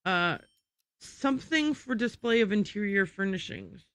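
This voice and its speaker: A woman's voice: mid-range voice, animated, a little slow, fairly bright tone, no echo. A woman streaming a game, thinking aloud and muttering to herself as she works through word puzzles. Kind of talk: casual gameplay livestream.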